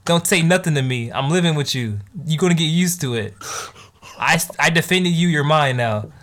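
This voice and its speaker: A man's voice: a little high, expressive, normal speed, fairly bright tone. A man voicing a fierce, protective anime teenage girl who talks in a sassy, bossy way.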